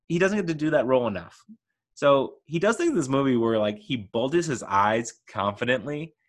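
Laughing, animated man ranting about a film. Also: medium pitch. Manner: animated, laughs often, playful mock voices. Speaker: podcast host reviewing a film. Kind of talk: casual enthusiastic film rant.

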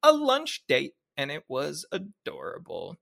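A man's voice: on the high side, vocal fry. A man hosting a podcast, chatting animatedly and gushing. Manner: animated, gushing, quick to laugh. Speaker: podcast host. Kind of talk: casual chat.

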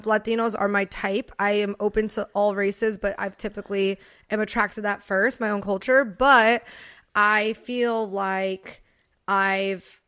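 A woman's voice: mid-range voice, a bit bright. A young woman co-hosting a podcast, chatting casually and rambling with lots of "like" fillers. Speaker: podcast co-host.

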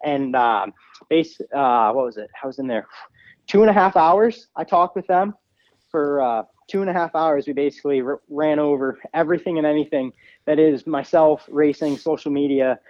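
A young man talks casually as a podcast guest. He tells animated stories and acts out what other people said in a higher voice. His voice sits a bit high, and the recording sounds dry and a little dull. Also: normal speed, no room sound. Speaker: guest, ATV racer.

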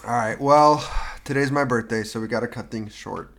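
A man in his late twenties, a podcast host rambling through a comedic story in casual, deadpan chat. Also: mid-range voice, moderate pace, gravelly. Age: 20s.

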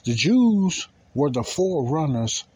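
A man's voice: fairly high pitch, sing-song, unhurried, a little mellow, husky, poor audio. A man preaching in a conversational style, repeating key phrases and pressing his listeners with rhetorical questions. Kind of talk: informal preaching.

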